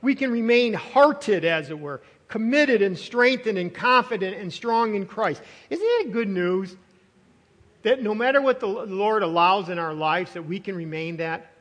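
A man with a high voice preaches a sermon, earnest and full of repetition. He often takes on the voice of a doubting listener. The sound rings with long reverb, as in a church hall. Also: expressive, a little slow, a bit bright, highs cut off. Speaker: pastor.

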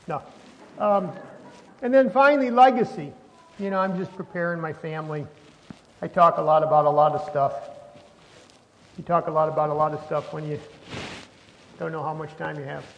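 A male pastor preaches a conversational sermon in a church sanctuary while chewing gum, often restarting and building to rising emphasis. His voice sits slightly high with fairly even intonation, normal speed, vocal fry, frequent pauses and a fairly bright tone. Without his lapel mic, the audio is dull and carries a long hall reverb.

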